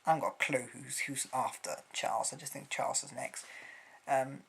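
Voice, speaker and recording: A man's voice: medium pitch, a little fast, vocal fry, fairly bright tone, breathy edge. A man from Britain, rambling through a casual opinion vlog with blunt words and lots of hesitations. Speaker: vlogger.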